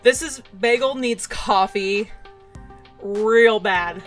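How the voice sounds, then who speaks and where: A woman's voice: on the high side, lively intonation, unhurried, a bit bright, soft background music. A young adult woman streaming a game live, who chats in a giggly, jokey way and reads the game text aloud.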